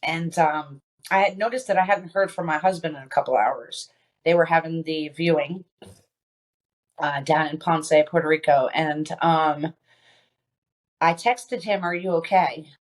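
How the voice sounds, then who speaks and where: A woman being interviewed on a podcast, telling a personal story with many pauses, fillers and restarts. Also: low-pitched. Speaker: podcast guest.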